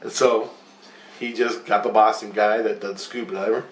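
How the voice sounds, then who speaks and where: A man's voice: lowish voice, little pitch movement, normal speed, recorded from a distance, slight background noise. A man telling a long rambling story in casual chat, swearing often and acting out both sides of the talk. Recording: roomy echo.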